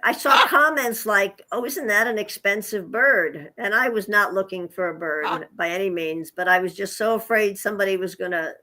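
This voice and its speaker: Speaking at a moderate pace with barely any pauses, a woman with a sharp, medium-pitched voice comes through on poor audio. The interview guest, a hospice nurse and animal rescuer, tells chatty stories with frequent chuckles and asides to her pet parrot.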